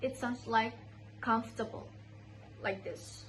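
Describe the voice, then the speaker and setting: A woman's voice: fairly high pitch, a little slow, slight background noise, low-quality recording. A young woman with an Indonesian accent presents a class assignment, carefully repeating words as she practises them. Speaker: student.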